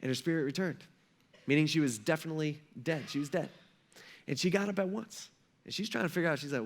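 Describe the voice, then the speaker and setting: Male pastor with a high voice; loose, conversational preaching style with animated retellings. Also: quick pace. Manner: conversational, slangy, acts out quoted voices. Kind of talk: casual sermon. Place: church.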